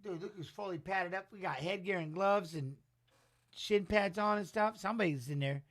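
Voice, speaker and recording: Hyped-up guy running a fight watch-along stream, high voice, slangy, ribbing the chat. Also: moderate pace. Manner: excitable, slangy, teasing the chat. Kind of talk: casual live-stream fight commentary.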